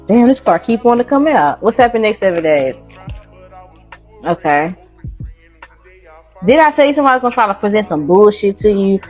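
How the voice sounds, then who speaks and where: A woman's voice: medium pitch, expressive, fairly quick, long pauses, darkish tone, soft background music. A woman doing a casual tarot reading, blunt and slangy, swearing freely. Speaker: tarot reader.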